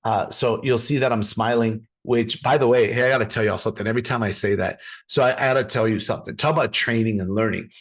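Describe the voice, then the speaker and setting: A man's voice: mid-range voice, fast, hardly any pauses. A man giving a live business training over a video call, speaking directly to his audience and telling stories, often repeating words as he restarts sentences. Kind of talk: live online training presentation.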